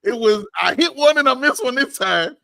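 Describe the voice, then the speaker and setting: A man's voice: extremely high pitch, lively intonation, normal speed, vocal fry, pushed and bright. A man co-hosting a sports podcast, ranting heatedly in casual talk and repeating phrases for emphasis. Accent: Chicago.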